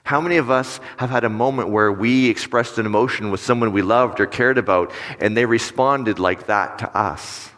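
A male pastor giving a casual, talky sermon, his low voice carried by the long reverb of a large hall. He keeps checking in with his listeners through questions. He livens up when he acts out small scenes. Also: moderate pace, few pauses. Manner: conversational, animated when acting out stories, asks the audience questions.

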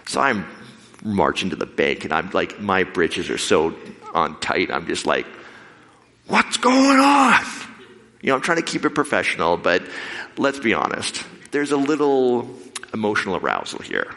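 A lower-voiced man preaches with a lively, swinging delivery. He acts out the people in his stories as he goes. His voice rings with the long reverb of a large hall. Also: vocal fry. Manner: animated, acts out quoted voices. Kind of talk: sermon with storytelling.

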